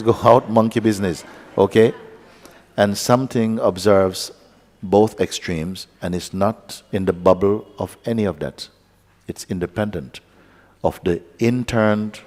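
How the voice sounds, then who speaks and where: A man giving a calm, unhurried satsang teaching as a spiritual teacher, pausing often and speaking softly. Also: sits low. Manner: calm, unhurried, with pauses and soft asides. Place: large meeting hall. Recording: hall with long reverb.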